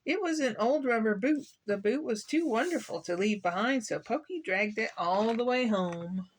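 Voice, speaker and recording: A woman's voice: on the high side, expressive, normal speed, slight background noise. A woman reading a children's picture book aloud, playful and asking the listener questions. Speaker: children's story reader.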